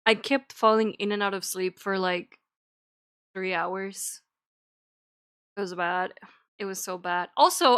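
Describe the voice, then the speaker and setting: A woman's voice: medium pitch, pushed and bright, smooth. A young woman streaming, chatting casually and rambling between topics, giggling and swearing now and then. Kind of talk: casual chat.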